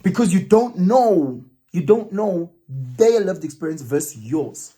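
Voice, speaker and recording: A man's voice: high voice, lively intonation, a little slow, dark tone, slightly rough. A man, talking through a reflective personal monologue and slipping local words into his English as he thinks aloud. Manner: musing, mixes isiZulu words into English, hesitant restarts. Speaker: vlogger.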